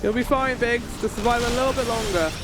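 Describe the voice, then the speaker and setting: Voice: mid-range voice, fairly quick, music in the background. A game streamer chatting casually and reacting to cutscenes, sometimes swearing. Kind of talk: casual gameplay commentary.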